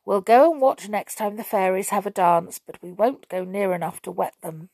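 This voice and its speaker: A woman's voice: medium pitch, moderate pace, a little mellow, no echo, close to an everyday voice. A woman voicing a sad, earnest little female water sprite who speaks politely. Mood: resigned.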